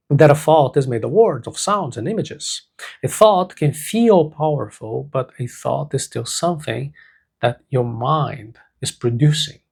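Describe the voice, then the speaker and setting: A man teaching a self-help lesson, speaking slowly and deliberately and repeating key words for emphasis. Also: a little high, creaky, slightly rough. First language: Portuguese.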